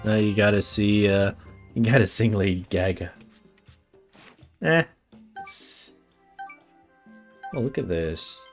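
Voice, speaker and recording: A man streaming a game, excitable and casual, swearing, stammering and humming to himself. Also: lowish voice, slow pace, long pauses. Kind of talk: casual let's-play commentary. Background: faint game music.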